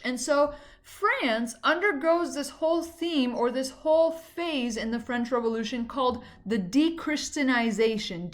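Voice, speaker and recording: A woman teacher giving a recorded history lesson in a casual, chatty way, with frequent "um" and "like". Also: high-pitched.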